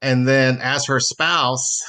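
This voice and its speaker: A man's voice: medium pitch, steady tone, slow, bright, forceful tone, clear, resonant tone. A man in his fifties from Mississippi with a Southern accent, calling a podcast and earnestly explaining his situation step by step, with many fillers. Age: 50s. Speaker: caller. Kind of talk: casual chat.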